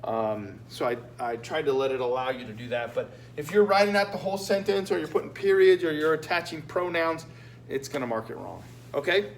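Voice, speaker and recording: In an echoey room with a faint hum, a man with a fairly high voice goes over a written exam in a recorded Spanish lesson, speaking a little fast. His explanations are patient and repetitive, with many "okay?" check-ins.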